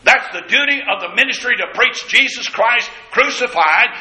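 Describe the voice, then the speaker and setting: A man's voice: extremely high pitch, animated, normal speed, bright, forceful tone. A man preaching a sermon, dramatically acting out the scripture quotes. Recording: echoey church room.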